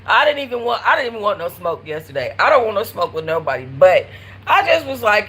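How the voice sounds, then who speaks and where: A woman with a husky, slightly breathy voice talks on a live stream from home. Her stories come out animated and slangy, full of blunt cursing and asides to her viewers. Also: medium pitch, fairly quick, low-quality recording. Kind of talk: casual live-stream chat. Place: at home in an apartment.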